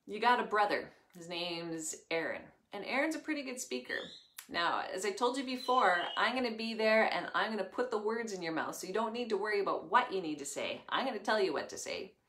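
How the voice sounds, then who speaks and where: A woman's voice: medium pitch, expressive, fairly quick, fairly bright tone, reverberant, lightly acted. A woman voicing God in a children's story, giving patient, reassuring instructions. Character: calm, patient, commanding divine voice.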